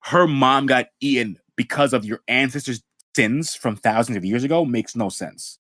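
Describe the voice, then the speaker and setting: A man's voice: medium pitch, normal speed, a bit bright, dry recording. A man co-hosting a podcast, chatting casually and profanely about an anime, full of slang and "bro". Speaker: podcast co-host.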